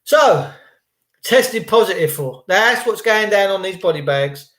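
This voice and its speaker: A man talking casually to his viewers, animated, acting out other people's voices and repeating his points for emphasis. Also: high-pitched, measured pace, roomy sound. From United Kingdom. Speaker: vlogger.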